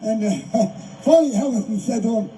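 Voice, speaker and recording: A man's voice: extremely high pitch, normal speed, warm tone. An older man giving an emotional, repetitive rally speech outdoors, heard from a distance. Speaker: rally speaker. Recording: distant mic, faint background noise.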